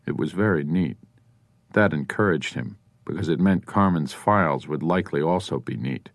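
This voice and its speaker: A man narrating an audiobook in a measured, even manner, recorded on a studio microphone. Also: very deep voice, dry recording. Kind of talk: scripted narration.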